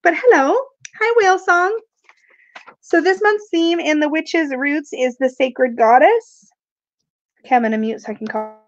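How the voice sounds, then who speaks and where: Chatty woman w/ a cough rambling on a live stream, high voice, kinda dull muffled audio. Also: a little slow, dry recording. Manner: rambling, chatty, laughs often, reads viewer comments aloud. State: has a cough, sucking cough drops. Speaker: tarot video creator doing a live unboxing. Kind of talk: casual live-stream chat.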